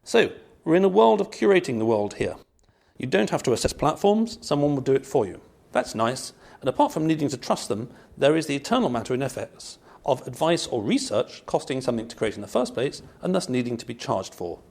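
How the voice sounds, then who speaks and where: Dry-humored guy hosting a finance podcast, bit of gravel in his voice, rambles and muses out loud. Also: mid-range voice, very animated, a little fast. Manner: wry, discursive, musing aloud. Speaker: podcast host. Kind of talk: scripted intro then casual interview chat. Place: meeting room in London.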